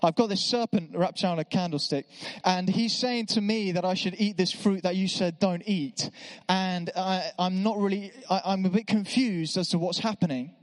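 A man's voice: high-pitched, normal speed, few pauses, lightly acted. A man voicing Eve, a baffled young woman who asks questions hesitantly, recorded in a church. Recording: echoey church hall.

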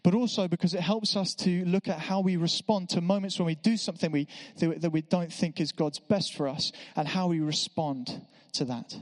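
Preacher, fairly high voice, chatty sermon with wry asides, church reverb. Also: male voice, normal speed, few pauses. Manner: conversational, self-deprecating asides. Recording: echoey church hall.

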